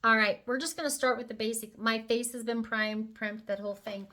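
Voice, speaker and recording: A woman's voice: a little high, fairly even intonation, brisk, bright, forceful tone. A woman presenting a casual makeup tutorial, talking the viewer through each step with chatty, playful asides. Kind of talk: casual how-to demonstration.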